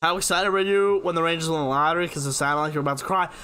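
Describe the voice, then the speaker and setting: A man's voice: a little high, racing, bright, forceful tone, clear, resonant tone, faint music behind. A young man, hosting a live stream and casually answering viewers' sports questions by name. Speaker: live stream host reading chat questions.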